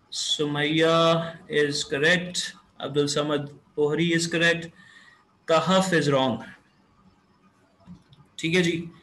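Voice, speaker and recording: A man, teaching an online class and dictating sentences slowly and deliberately. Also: fairly high pitch, fairly bright tone, low-quality recording. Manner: slow, deliberate dictation with code-switching to Urdu. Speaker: English teacher.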